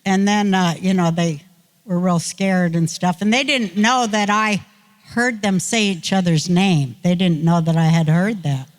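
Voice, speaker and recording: A woman's voice: fairly low pitch, steady tone, measured pace. An older woman, a guest on an interview show, telling a rambling, folksy, self-mocking story.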